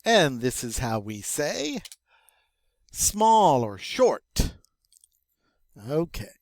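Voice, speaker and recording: An older man teaching a French vocabulary review, slow and patient, with wry self-deprecating asides. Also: fairly high pitch, wildly swooping pitch, no echo.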